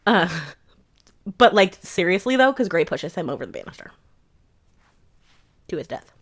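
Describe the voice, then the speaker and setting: A woman's voice: fairly low pitch, very animated, normal speed. A woman giving a casual rant-style book review, blunt, profane and sarcastic.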